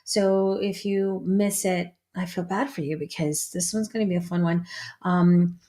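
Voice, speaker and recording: A woman's voice: on the low side, steady tone, unhurried, mellow. Chatty woman hosting a casual livestream. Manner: chatty and rambling, greets viewers by name. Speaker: psychic medium hosting a livestream.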